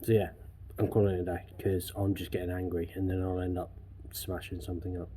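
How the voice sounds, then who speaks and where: A man's voice: sits low, little pitch movement, fairly quick, noisy background. A man restoring a car in his workshop vlog, ranting angrily with heavy swearing. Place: garage workshop.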